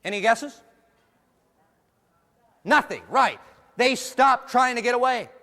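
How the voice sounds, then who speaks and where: Male keynote speaker, jokey and engaging with the crowd, high voice, lots of hall reverb. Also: expressive, slow pace, sharp tone. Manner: playful, jokey, asks the audience questions. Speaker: motivational speaker. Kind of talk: humorous keynote talk to a live audience.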